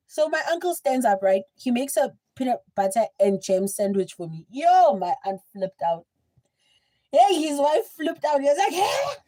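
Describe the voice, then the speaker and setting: A young woman with a South African accent, telling a story in a chatty, animated livestream style. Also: high voice. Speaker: livestream host. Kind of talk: casual storytelling.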